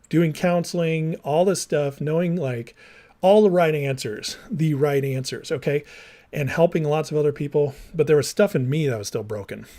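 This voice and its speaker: A man's voice: on the high side, a little mellow. A man tells his personal story straight to viewers in a candid, rambling way. He often says "like," restarts his sentences and acts out the lines of past conversations. He speaks as someone who was once a minister and counselor. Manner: rambling and candid, acting out remembered dialogue; heavy use of "like" and restarts.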